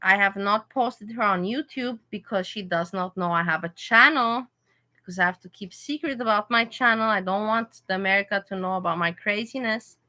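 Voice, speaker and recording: Bright-voiced woman chatting on a livestream. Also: mid-range voice, normal speed, poor audio. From Europe. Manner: animated, talks back to chat commenters. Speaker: livestream host reading chat. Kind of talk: casual livestream chat. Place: hotel room.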